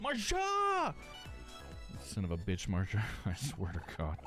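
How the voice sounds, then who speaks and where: Male streamer, casual live chat, animated delivery with a lot of pitch movement. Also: takes it slowly, music in the background. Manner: swears and laughs often, lively reactions.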